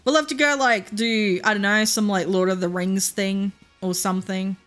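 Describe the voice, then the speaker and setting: A woman's voice: medium pitch, steady tone, moderate pace, fairly bright tone, faint music behind. A young woman with a Queensland Australian accent, chatting casually while streaming a game, rambling with lots of fillers and laughs. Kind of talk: casual gameplay chat.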